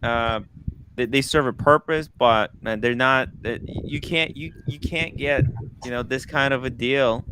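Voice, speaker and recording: A man's voice: medium pitch, a little slow, bright, forceful tone, a little hiss or hum, poor audio. A man hosting a livestream, speaking earnestly in loose, rambling sentences. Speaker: host. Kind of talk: casual livestream chat.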